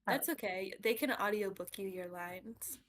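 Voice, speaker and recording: A woman's voice: mid-range voice, moderate pace. A young woman co-hosting a casual book club livestream, teasing her friends in playful banter. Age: young adult.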